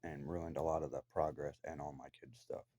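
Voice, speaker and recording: A man's voice: a bass voice, level tone, fairly quick, dark tone, no echo. A man delivering an angry, profane, accusatory rant to the camera from his own room downstairs in a house. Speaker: vlogger.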